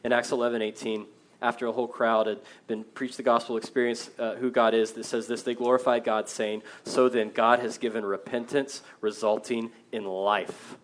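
A man in his thirties, a pastor preaching a sermon, earnest, moving between loud emphasis and quiet, reflective passages. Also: medium pitch, level tone, moderate pace.

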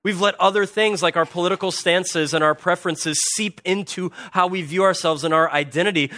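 A man preaching a sermon as a pastor, swinging from hushed earnest lines to loud animated bursts. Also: a little high, no room sound.

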